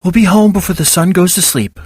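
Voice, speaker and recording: A motherly squirrel woman reassures tired children in a soothing tone, voiced by a man reading aloud. Her voice is raised well above the reader's own pitch. This is a storybook reading. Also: fairly quick, darkish tone, slightly rough, no echo, clean studio sound.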